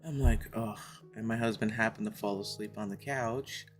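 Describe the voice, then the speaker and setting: A woman's voice: rumbling low, brisk, faint music behind. A woman streaming a game, chatting casually with her viewers, laughing often and telling stories from home.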